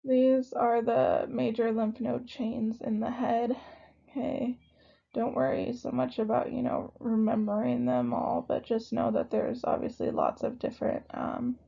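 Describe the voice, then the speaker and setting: A hoarse woman who is losing her voice, giving a recorded lecture in a casual, conversational way. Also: on the high side, little pitch movement, a little slow, dark tone. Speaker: instructor. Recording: dull lo-fi recording.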